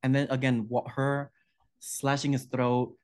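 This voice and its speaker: A man's voice: mid-range voice, little pitch movement, unhurried, darkish tone. A male podcast co-host chatting about horror films, effusive and gushing, often breaking off mid-sentence.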